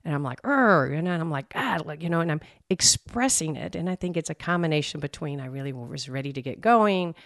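A woman co-hosting a podcast, telling a personal story in a lively, animated way and acting out her own frustration. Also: low-pitched, fast talker, hardly any pauses, no echo, studio quality. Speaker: podcast co-host. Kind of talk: casual podcast conversation.

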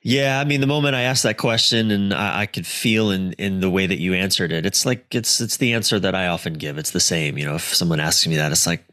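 Deep, bright-toned male podcast host. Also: fairly quick, few pauses, no room sound. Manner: empathetic, brief reactions. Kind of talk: conversational interview.

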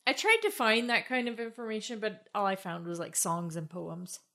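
A woman co-hosting a podcast in casual banter, teasing and quick to laugh. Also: mid-range voice, pushed and bright. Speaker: podcast co-host.

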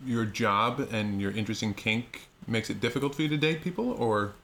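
A woman hosting a podcast, asking casual interview questions in a hesitant, halting way. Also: rumbling low, a bit bright. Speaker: podcast host.

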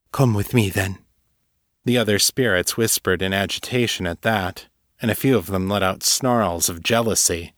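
Low-voiced man narrating a story. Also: fairly bright tone, no echo, studio quality. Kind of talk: serial fiction reading.

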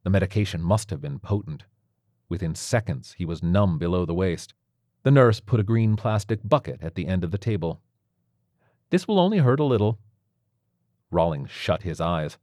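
A man narrating a storybook in a measured, even reading. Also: sits low, no echo, clean studio sound.

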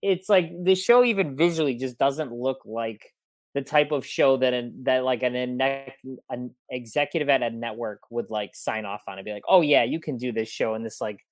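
A man's voice: medium pitch, normal speed, no echo. A man in casual podcast chat, easygoing and thoughtful. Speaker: podcast co-host.

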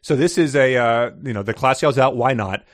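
Man, podcast co-host, casual book chat, laughs a lot, medium pitch, dry close sound. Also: a little fast, no echo. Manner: laughs often, amused, trails off in restarts.

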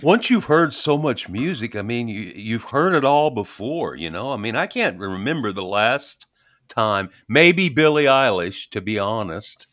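A man with a Southern American accent co-hosting a podcast, easygoing and quick to laugh. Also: medium pitch, sing-song, a bit bright, dry recording, clean studio sound. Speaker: podcast co-host. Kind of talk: casual chat.

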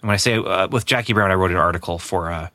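A man's voice: low voice, fast, sharp tone, no echo. A man hosting a casual podcast chat, enthusiastic and chatty, laughing easily as he talks. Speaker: podcast host.

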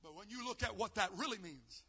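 A man preaching a live sermon at a church service, swinging between fervent shouting and a hushed storytelling tone. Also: high-pitched, animated, brisk, slightly rough, big-room sound. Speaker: youth conference preacher.

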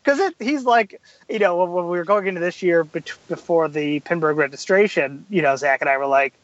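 A man's voice: a little high, a little fast, no room sound, highs cut off. A man guest on a podcast, chatting casually and acting out quotes as he tells stories. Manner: animated storyteller, acts out quotes.

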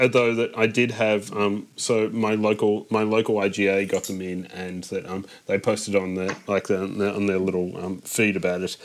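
A man hosting a casual chat, talking with many ums and restarts. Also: lowish voice. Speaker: podcast host.

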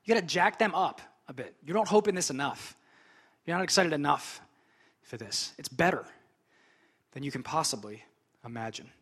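A man's voice: a little high, animated, moderate pace, long pauses, fairly bright tone, husky. A young man preaching a sermon as pastor, conversational and chatty, with frequent casual asides.

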